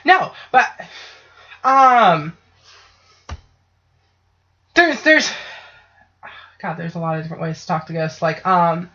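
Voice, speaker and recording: Female podcast host, casual and foul-mouthed, animated storyteller; muffled lo-fi sound. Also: lowish voice, slow, long pauses. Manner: profane, ranting, animated storytelling. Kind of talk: casual chat. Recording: dull lo-fi podcast audio.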